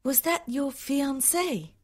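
A man's voice: very high-pitched, slow, voice pushed up. A man doing a kind young woman. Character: kind young woman, peacemaker, about twenty-two. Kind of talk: audiobook storytelling.

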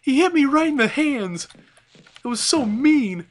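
A man's voice: very high-pitched, lively intonation, a little slow, pitched above the performer's own voice. A man putting on the voice of a petulant, hurt male guard, whining in mockery. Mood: whiny. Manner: whining, mocking.

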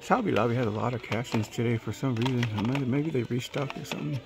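A man's voice: medium pitch, fast, vocal fry. A man from California in casual commentary as he walks a hobby store, muttering laid-back reactions and ranting about prices. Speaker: diecast collector vlogger.

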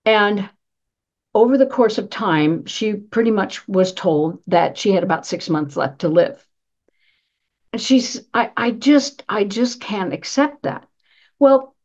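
A woman's voice: medium pitch, expressive, normal speed, darkish tone, muffled recording. A woman minister giving a sermon in a conversational style, asking rhetorical questions and repeating her key phrases for emphasis. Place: church sanctuary.

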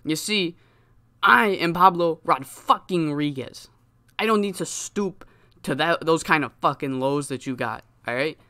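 A man's voice: a little high, unhurried, bright, forceful tone, dry recording, clean studio sound. A man voicing a brash, foul-mouthed male wrestler with a priest gimmick, cutting a taunting promo. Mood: taunting, boastful. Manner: boastful, cursing, taunting. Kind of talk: wrestling promo voice in a game let's-play.

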